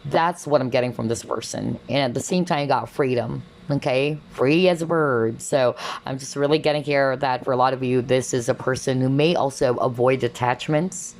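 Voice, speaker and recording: A woman's voice: rumbling low, moderate pace, few pauses, a little mellow, a little hiss or hum. A woman giving a chatty collective tarot reading, exclaiming often and filling her talk with fillers. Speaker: tarot reader.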